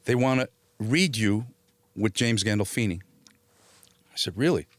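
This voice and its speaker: On the lower side and unhurried, this man's voice carries an animated story told during a casual interview. He's a middle-aged actor, Italian-born and New Jersey-raised, who acts out the other voices and swears freely. There's no echo.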